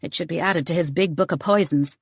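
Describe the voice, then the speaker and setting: A woman narrating a mystery novel audiobook in an expressive storytelling manner. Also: low voice, brisk, gravelly, breathy edge, no room sound. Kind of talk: scripted narration.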